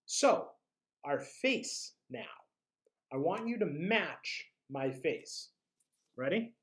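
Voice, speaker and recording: A teacher leading a drama class through vocal warm-ups and tongue twisters. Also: medium pitch, lively intonation, very slow.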